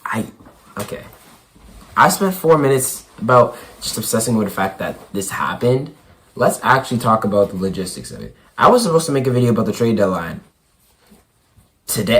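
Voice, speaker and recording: A hoarse young man with a lowish voice vlogs casually, stammering and repeating himself. His worn-out voice swings between quiet murmurs and loud bursts. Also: very animated, brisk. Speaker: basketball YouTuber. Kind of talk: excited casual vlog.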